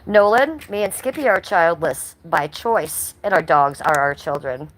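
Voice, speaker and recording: An American woman with a lowish voice chats casually as she walks her house on a livestream. She slips into cooing baby talk with her pets. A faint hum of room noise sits behind her, and the mic is carried around. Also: animated, unhurried, a bit bright, low-quality recording. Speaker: livestream host. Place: house, indoors and on the porch.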